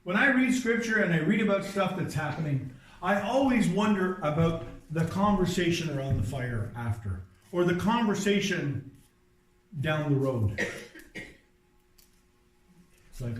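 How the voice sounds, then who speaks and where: A man's voice: high-pitched, lively intonation, normal speed, slight background noise. A man preaching a sermon in a church, telling stories in a conversational way with asides and restarts. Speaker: pastor. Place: church sanctuary. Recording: very echoey church room, distant mic.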